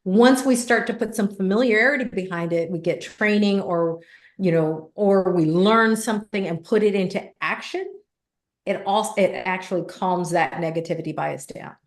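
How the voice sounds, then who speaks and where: In a conversational interview recorded in an echoey room, a female business coach animatedly recounts stories, voicing the quoted words of others. She speaks at medium pitch and a moderate pace.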